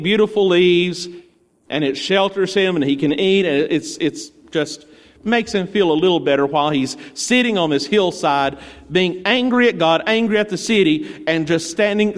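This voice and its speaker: Storytelling pastor in a reverberant church. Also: male voice, high voice, moderate pace. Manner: conversational storytelling, playful asides. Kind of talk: sermon.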